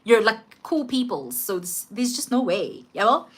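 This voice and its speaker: A woman with a South African accent voicing a calm schoolgirl friend who speaks softly and reassuringly. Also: on the high side, normal speed. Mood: soothing. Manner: soft, gentle and reassuring.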